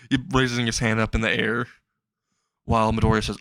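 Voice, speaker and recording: A man's voice: lowish voice, little pitch movement, fast talker, fairly bright tone, no echo. A man casually retelling a fan story, rambling and chuckling at his own jokes.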